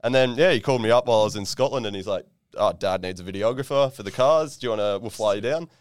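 A young Australian man, a podcast guest, telling stories in a quick, laid-back way full of slang. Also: fairly low pitch, clean tone, no room sound, studio quality. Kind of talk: casual storytelling chat.

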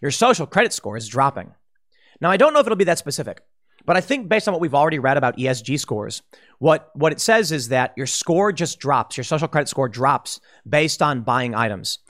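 A man's voice: a little high, expressive, a little fast, fairly bright tone. A man giving an emphatic opinion commentary, warning listeners and sketching scenarios. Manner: emphatic, warning, speculative, with restarts. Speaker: political commentator.

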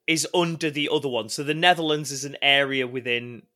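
A man co-hosting a podcast, trading quick wry quips in casual banter. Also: medium pitch, pushed and bright. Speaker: podcast co-host.

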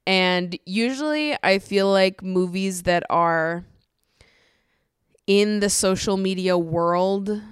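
A woman's voice: medium pitch, slow pace, clear, resonant tone, no room sound, clean studio sound. A woman hosting a podcast, rambling in a casual, chatty way, swearing freely and laughing often. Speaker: podcast host.

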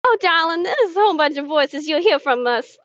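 A woman's voice: sits high, expressive, a little fast, a bit bright, muffled recording. A woman voicing a sassy little pixie. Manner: calls people honey and darling. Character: sassy tiny female pixie with a deep drawl.

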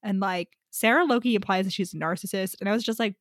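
Woman, candid swearing podcast co-host, mid pitch, dry close recording. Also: quick pace, dry recording. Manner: loose and candid, swears casually, filler-heavy. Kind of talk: casual book chat.

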